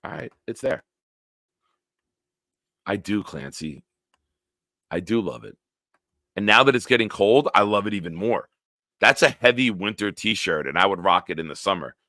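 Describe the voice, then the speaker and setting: Low, forceful, profane man ranting. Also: lively intonation, moderate pace, pauses often, no echo, studio quality. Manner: answers live chat comments. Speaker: sports talk show host. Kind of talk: casual live-stream sports talk.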